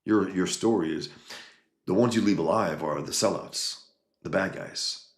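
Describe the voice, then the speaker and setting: This man's low-sitting voice moves a little slowly and has a roomy sound. Hosting a relaxed livestream, he works through viewer comments, talking emphatically and rambling with many restarts.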